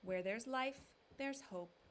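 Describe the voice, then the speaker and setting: A woman's voice: fairly high pitch, slow pace, slight background noise. A woman voicing a kindly, wise old father who quotes proverbs and calls out with joy. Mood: gentle. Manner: sage, proverb-quoting, exclaiming with joy.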